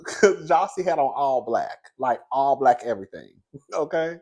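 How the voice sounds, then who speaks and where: A man's voice: on the high side, lively intonation, a little slow, darkish tone. Sassy, chatty man reviewing reality TV. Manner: sassy, chatty, laughs often, calls viewers "girl" and "baby". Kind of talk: casual commentary.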